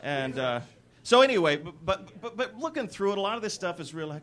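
A man hosts a live comedy podcast and reads from a book, working through long word lists in a deadpan way. He stumbles often and fills the gaps with uhs. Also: sits high, fairly quick. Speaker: live podcast show presenter. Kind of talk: comic reading from a book to a live audience. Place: stage at a live show.

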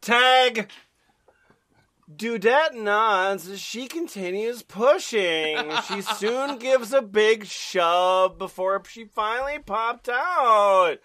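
A man co-hosting a comedy podcast reads aloud, chuckling and dropping wry asides. He speaks at an unhurried pace, and his voice is bright and fairly high. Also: expressive. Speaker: podcast co-host reading aloud. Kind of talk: comedic dramatic reading.

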